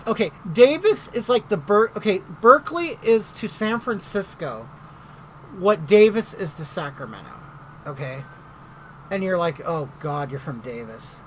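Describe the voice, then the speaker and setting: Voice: medium pitch, expressive, measured pace, fairly bright tone, a little hiss or hum, low-quality recording. A middle-aged vlogger telling a story in casual chat, gossipy and indignant.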